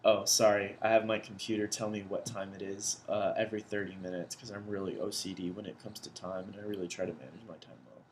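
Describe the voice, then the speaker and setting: A man's voice: on the low side, level tone, fast talker, few pauses, slight background noise. A young man, an education student, explaining vocabulary words for a class assignment in a loose, conversational way, thinking aloud as he goes, recorded indoors at his computer.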